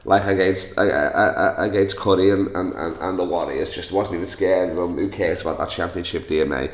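A man's voice: low voice, brisk, echoey room, a little hiss or hum. A young man with a Scouse accent hosting his solo podcast, rambling, joking and swearing a lot from his living room. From Liverpool, England. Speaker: podcast host. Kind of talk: casual solo podcast rant.

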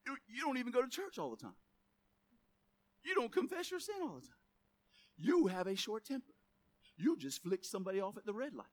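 A man's voice: extremely high pitch, big pitch swings, brisk, pauses often, no echo, full character voice. A man voicing Satan as a nagging male accuser, scolding a believer in a sermon.

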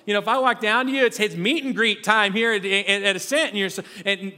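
A man's voice: high voice, fairly even intonation, fairly quick, hardly any pauses, sharp tone. A middle-aged man preaching a sermon in a conversational, self-mocking storytelling way, often restarting his sentences. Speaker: pastor. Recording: long reverb of a large hall.

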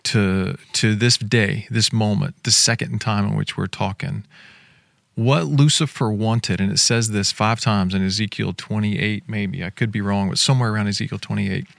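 A man's voice: on the low side, fairly even intonation, normal speed, creaky, a bit bright, no room sound. A man, a guest on a podcast, speaking reflectively and thinking aloud as he explains an idea. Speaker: guest author. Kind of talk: casual podcast conversation.

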